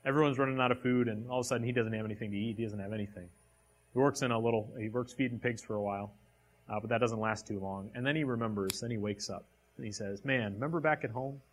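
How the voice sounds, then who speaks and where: A man's voice: lowish voice, steady tone, fast talker, a little hiss or hum. A man reading a passage aloud and then preaching on it, with direct questions to a live audience. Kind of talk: sermon.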